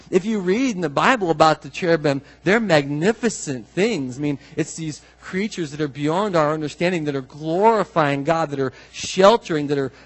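Male pastor, slightly higher voice, conversational sermon that builds to emphatic declarations. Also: husky, rough recording. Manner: conversational, asks the congregation questions; rises to emphatic, drawn-out declarations.

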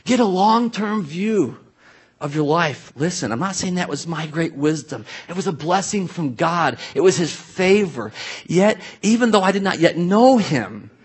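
A man's voice: high-pitched, lively intonation, a little slow, slightly rough. A man preaching a sermon in a conversational, storytelling way, full of asides to the congregation. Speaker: pastor.

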